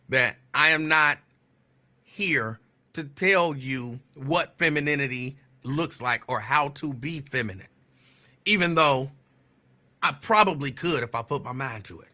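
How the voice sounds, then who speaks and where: A man with a fairly high, sharp voice hosts a call-in radio show in a loose, teasing style. He laughs a lot and repeats his own lines, occasionally slowing down to read a definition out deliberately.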